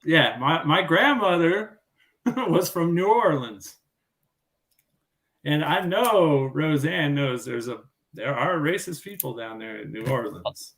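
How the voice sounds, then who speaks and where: A man's voice: on the high side, lively intonation, a bit bright. A man in casual chat, swearing freely and laughing easily. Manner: slow, profane, laughs easily.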